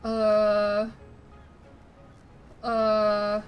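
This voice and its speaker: A woman's voice: medium pitch, monotone, clear, resonant tone. Young woman, streamer chatting, rambly, faint game music behind. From Chicago, United States. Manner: chatty, rambling, quick to laugh. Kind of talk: casual chat while streaming.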